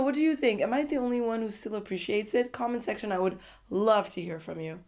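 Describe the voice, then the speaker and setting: A woman giving a casual, animated, sassy recap of a reality show episode and laughing often. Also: a little high.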